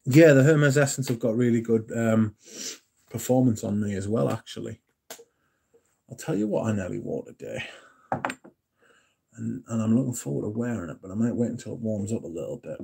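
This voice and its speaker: A man hosting a casual livestream, reading and answering chat in a relaxed, yawning way. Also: lowish voice, moderate pace, vocal fry, pauses often, husky. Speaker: livestream host.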